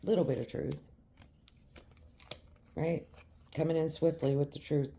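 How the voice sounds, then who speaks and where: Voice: mid-range voice, fairly even intonation, unhurried, gravelly, warm tone, a little hiss or hum. A tarot reader giving a reading straight to the viewer, emphatic and repetitive. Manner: emphatic and repetitive, speaking directly to the listener.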